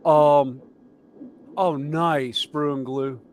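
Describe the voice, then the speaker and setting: A man with a Southern US accent, hosting a relaxed, rambling chat while he builds model kits. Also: a little high, extremely slow, a little hiss or hum. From southern United States. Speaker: stream host.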